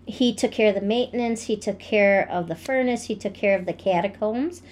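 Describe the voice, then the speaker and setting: Podcast lady telling stories, laid back, lots of ums, mid pitch. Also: fairly quick, a little hiss or hum. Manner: relaxed, tells stories with fillers. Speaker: podcast co-host. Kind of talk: casual storytelling chat.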